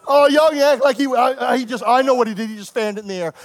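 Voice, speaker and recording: A man preaching a sermon as pastor, lively and playful with the congregation, rising to shouts. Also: very high-pitched, quick pace, few pauses, background noise.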